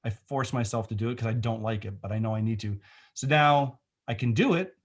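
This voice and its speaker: A man's voice: mid-range voice, a little fast. A middle-aged man, a film director, talking in a casual remote interview, thoughtful and rambling with many restarts.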